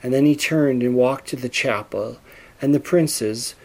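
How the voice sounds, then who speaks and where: A man narrating a storybook in a steady, measured reading voice. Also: mid-range voice.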